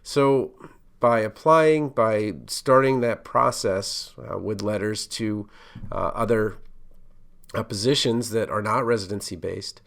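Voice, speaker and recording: Low-voiced man, rambling podcast advice. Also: slow pace, gravelly. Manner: casual, rambling, many fillers and restarts. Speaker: podcast host, pharmacist. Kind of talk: solo podcast monologue.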